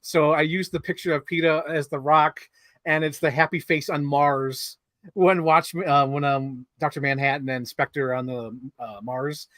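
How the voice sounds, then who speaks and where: A man with a slightly high voice chats about films on a podcast, animated and quick to laugh, and he slips into little impressions of movie lines. The sound is close and dry, with no room around it. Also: dry recording. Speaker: podcast co-host. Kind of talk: casual film discussion.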